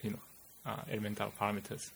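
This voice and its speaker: A man with a Japanese accent, a physicist guest explaining theory in casual chat, halting and searching for words. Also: lowish voice, completely flat delivery, creaky, a bit bright, slight background noise. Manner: halting, many "you know" fillers, searching for words.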